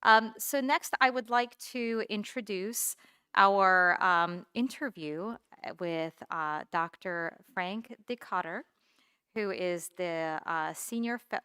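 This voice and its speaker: A woman's voice: medium pitch, sharp tone, clear, resonant tone, no room sound, clean studio sound. A woman moderating a conference, thanking the speaker and introducing the next guests politely, with some fillers. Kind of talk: event introductions.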